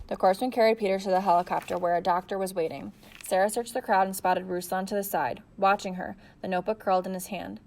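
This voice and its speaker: A woman reads a novel aloud in an even, steady storytelling voice. Her pitch sits in the middle range. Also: quick pace, gravelly, hardly any pauses. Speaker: audiobook narrator. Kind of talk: audiobook narration.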